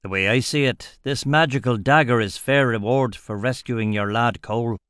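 A man voicing an old barbarian highlander, blunt and gruff, with a folksy drawl and rough grammar. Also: normal speed, a bit bright, no echo, studio quality, natural voice.

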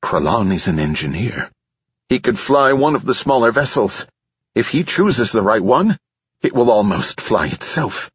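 A man's voice: mid-range voice, big pitch swings, measured pace, husky, exaggerated voice. A man voicing a grim alien warrior. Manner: curt, serious. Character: stern alien warrior, male, grim and decisive. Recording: slightly dull lo-fi recording.

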